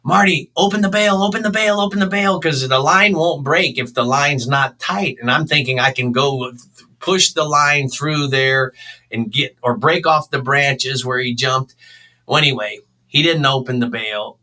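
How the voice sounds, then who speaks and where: Animated, bright-voiced fishing captain. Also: male voice, mid-range voice, measured pace, far from the mic, low-quality recording. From South Florida, US. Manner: animated storyteller, acts out shouts. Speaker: fishing show host and charter captain. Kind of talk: casual interview storytelling.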